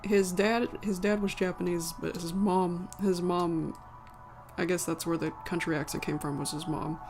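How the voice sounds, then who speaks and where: Talking casually to viewers on a live stream, this woman has a fairly low, steady voice at a moderate pace and a light American country twang. She wanders off track, fixes her own words and laughs softly. There's faint music in the background.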